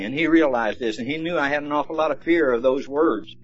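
A man's voice: a little high, brisk, hardly any pauses. Folksy man giving a recovery talk. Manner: folksy storytelling, plainspoken. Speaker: speaker at a recovery meeting. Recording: dull lo-fi recording, faint music.

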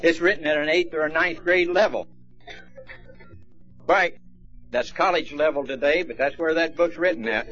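A man's voice: fairly high pitch, steady tone, moderate pace, pauses often, a bit bright. A man speaking at a recovery meeting, telling stories in a folksy, plainspoken way. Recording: dull lo-fi recording, faint music.

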